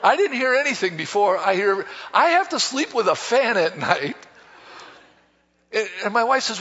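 Animated high-voiced preacher in echoey hall. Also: male voice, moderate pace, breathy edge. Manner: animated, folksy storytelling with acted dialogue. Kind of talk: sermon. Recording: dull echoey hall from a distance.

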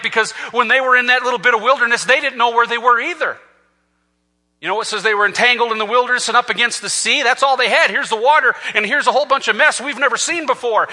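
A man preaching a sermon, reading scripture and swinging between fervent shouts and hushed, quiet passages. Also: high-pitched, in a large hall. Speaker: pastor.

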